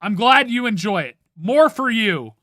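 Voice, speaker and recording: A man from Ohio chats with his stream audience in a high, lively voice that swoops up and down. His tone is bright and sharp, and his opinions come out playfully dramatic. The sound is dry and close, with no room echo. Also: unhurried. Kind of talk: casual chat with stream viewers.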